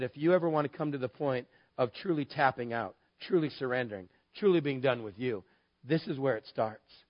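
A man's voice: mid-range voice, no room sound. A man preaching a sermon as a pastor, telling a story in a candid, conversational way with wry humor. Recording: dull, lo-fi dry sound.

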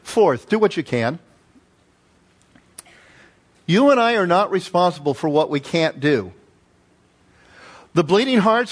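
A man preaching a sermon as pastor, telling stories with lively emphasis and repeated phrases. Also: high voice, a little slow, long pauses. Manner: animated storytelling with emphatic repetition.

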